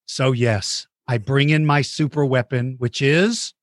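A man's voice: medium pitch, steady tone, measured pace, no echo, clean studio sound. A man hosting a playful chat with a child about dinosaur battles, goofy and teasing with mock outrage. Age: adult. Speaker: host interviewing a child.

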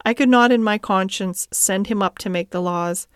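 A woman voicing a principled middle-aged cab driver and father, speaking in an earnest, measured way close to her own voice. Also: mid-range voice, clear, resonant tone, dry recording, natural voice.

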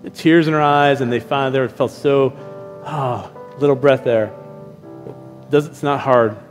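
A middle-aged man preaching a sermon as a pastor, telling stories and acting out his own lines in lively asides. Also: mid-range voice, a little slow. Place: church hall. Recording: reverberant hall with faint music.

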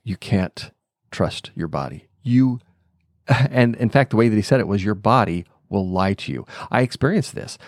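A man's voice: mid-range voice, gravelly, a little mellow, no echo, studio quality. A middle-aged man hosting a podcast, telling a personal story in an unscripted, thinking-aloud way, with fillers and small chuckles. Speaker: podcast host. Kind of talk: reflective storytelling monologue.

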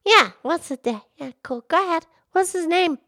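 A woman's voice: very high-pitched, lively intonation, moderate pace, sharp tone, no echo, clean studio sound, heavily acted. A woman voicing a cheerful, enthusiastic pig who hosts a children's educational show. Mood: upbeat. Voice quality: bubbly, enthusiastic. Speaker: show host.

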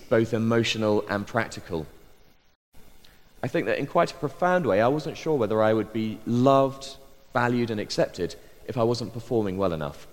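A middle-aged English man from Bristol with a posh southern accent, a vicar giving an earnest, measured personal testimony as a sermon. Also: mid-range voice, long reverb tail. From Bristol, England. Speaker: vicar and pastor.

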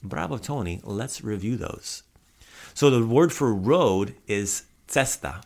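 Low-voiced man drilling vocabulary. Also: expressive, takes it slowly, creaky, darkish tone. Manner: patient, repeats words for the listener to echo. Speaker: podcast host teaching Croatian vocabulary. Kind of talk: casual language lesson.

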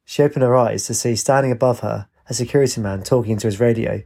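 A man narrating a story aloud at a steady, even pace. His tone is mellow and warm, without sharp edges. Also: medium pitch, quick pace, gravelly. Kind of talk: storytelling reading.

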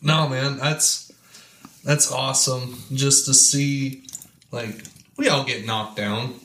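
A man's voice: medium pitch, fairly even intonation, slow pace, a bit bright. A man hosting a podcast, chatting casually and musing on setbacks. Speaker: podcast host. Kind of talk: casual chat. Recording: roomy echoey sound.

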